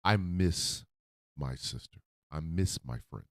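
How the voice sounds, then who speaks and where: In a radio studio, a male host delivers a heartfelt, profane, emotional monologue that breaks into loud outbursts. His voice is extremely low and animated, and he takes it slowly; the sound is studio quality with no echo.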